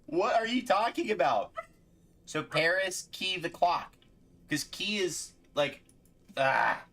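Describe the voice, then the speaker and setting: Animated, bright-voiced game streamer. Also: mid-range voice, measured pace. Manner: animated, playfully exasperated, laughs often. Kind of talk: casual live gameplay commentary.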